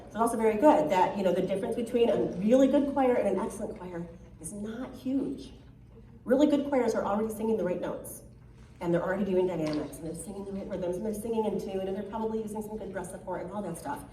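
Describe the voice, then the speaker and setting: A woman with a soprano voice coaches a choir in rehearsal, giving critiques in a chatty, encouraging way and often checking in with "right?". Her speaking voice is medium-pitched and warm, and the mic sits far off in an echoey hall with a little hiss or hum.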